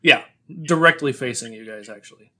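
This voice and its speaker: A man narrating a tabletop game as game master, relaxed and laughing along with the players. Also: medium pitch, brisk.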